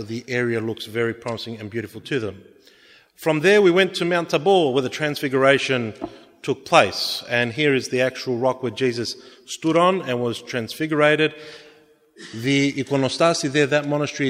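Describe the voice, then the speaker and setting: A man's voice: mid-range voice, a bit bright. A middle-aged man, an Orthodox priest, chatting casually through a slideshow of a pilgrimage, rambling into anecdotes with plenty of fillers. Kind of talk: slideshow travel talk. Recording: reverberant hall.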